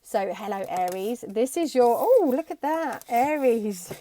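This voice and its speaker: A woman's voice: fairly high pitch, expressive, unhurried, dark tone. A young adult woman chatting casually to camera as she gives a tarot reading. She is bubbly and now and then slips into playful voices. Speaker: tarot reader.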